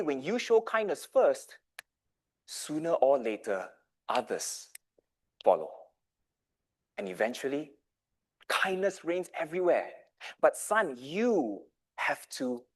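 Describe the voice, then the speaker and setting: A man voicing a gentle, wise middle-aged mother, speaking low and hushed. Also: heavily acted.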